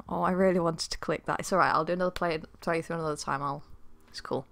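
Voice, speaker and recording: A woman streamer playing a dating game, reading the story aloud and reacting with quick laughs and chatty asides. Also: lowish voice, creaky, dry recording. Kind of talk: let's play commentary with read-aloud game text.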